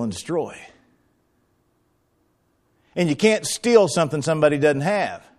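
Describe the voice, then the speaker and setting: Preaching man with a slightly high voice. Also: a little mellow. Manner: dramatic, acts out quotes with swings in pitch and volume. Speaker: pastor. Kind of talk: sermon.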